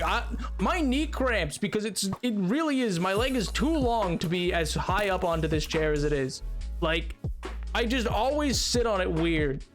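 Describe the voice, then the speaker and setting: A young man chatting casually while streaming a game, self-mocking and laughing often. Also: high voice. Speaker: gaming streamer.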